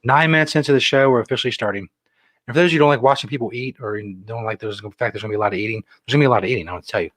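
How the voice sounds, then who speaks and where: A man's voice: mid-range voice, racing, fairly bright tone, no room sound. Wry middle-aged man, dry sound. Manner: wry and self-mocking, reads out viewer comments. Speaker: co-host. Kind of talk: casual chat.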